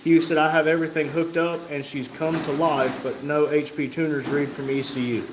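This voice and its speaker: A man's voice: a little high, flat delivery, a little fast. A man hosting a live stream from a garage workshop, reading chat comments aloud with casual, wry asides. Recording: echoey room with faint noise.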